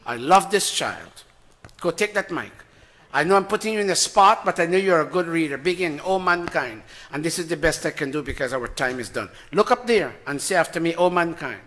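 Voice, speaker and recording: A man preaching a sermon, emphatic and animated, swinging from loud to soft. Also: a little high, a little fast. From Guyana. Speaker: spiritual teacher.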